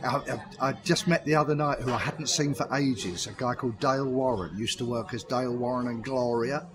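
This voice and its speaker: An older man with a mid-range voice, a pantomime writer and comedy performer, tells chatty stories fairly quickly in an interview. He laughs often at his own anecdotes.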